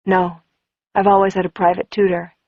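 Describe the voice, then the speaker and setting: A woman voicing a mysterious, gentle teenage boy in an audiobook, speaking softly and low-key. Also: flat delivery, normal speed, no room sound, muffled recording, natural voice.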